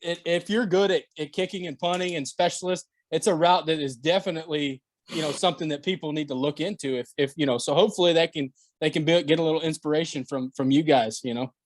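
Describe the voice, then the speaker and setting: A man's voice: on the high side, fast talker, no echo. A man hosting a podcast, chatting casually with a guest and restarting his phrases as he goes. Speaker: podcast host. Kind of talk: casual chat.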